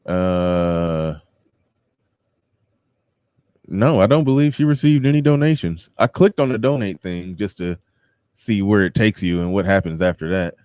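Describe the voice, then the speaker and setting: A man's voice: low voice, animated, a little slow, long pauses, a little mellow, smooth, no room sound. A man hosting a live show, commenting in a chatty, wry way and reading pages aloud. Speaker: podcast host.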